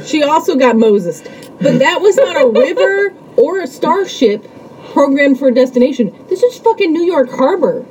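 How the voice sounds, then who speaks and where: High, lively woman ranting with swearing. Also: normal speed, lo-fi sound, a little hiss or hum. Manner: exasperated, swears freely, ranting. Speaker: podcast co-host. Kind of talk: casual movie chat.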